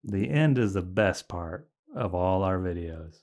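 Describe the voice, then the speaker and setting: A man's voice: low voice, lively intonation, unhurried, a little mellow. A man co-hosting a podcast in a late-night chat, a little tipsy from wine, laughing often as he rambles through stories. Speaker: podcast co-host.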